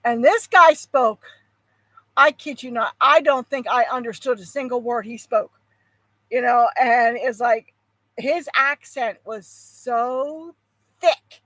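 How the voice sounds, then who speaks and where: A woman's voice: fairly high pitch, fairly even intonation, a little slow, fairly bright tone, no room sound, rough recording. An older woman hosting a homestead channel, chatting casually with viewers in a rambling way, with frequent ums and sighs. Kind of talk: casual chat, answering viewers.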